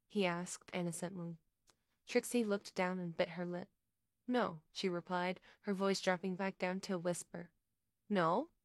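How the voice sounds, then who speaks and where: A woman narrating a story in a steady, even reading. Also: fairly low pitch, normal speed, no echo, studio quality.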